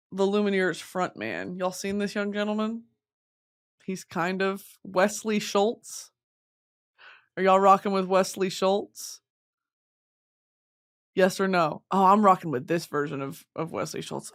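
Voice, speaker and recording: A woman's voice: medium pitch, measured pace. A young woman vlogging in casual chat, rambling, gushing and giggling as she talks to her viewers.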